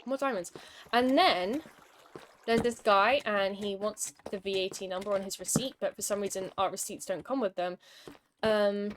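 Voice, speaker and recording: A woman's voice: medium pitch, steady tone, moderate pace, a little hiss or hum. A young woman streaming a game, chatting casually and telling an exasperated, wry story between moves. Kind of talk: casual gaming commentary with storytelling.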